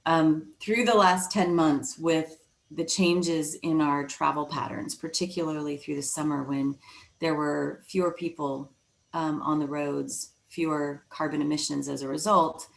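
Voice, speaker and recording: Low, gravelly woman giving a webinar talk. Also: fairly even intonation, measured pace, low-quality recording. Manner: conversational, frequent um fillers and restarts. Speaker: webinar speaker on leadership. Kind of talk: presentation talk.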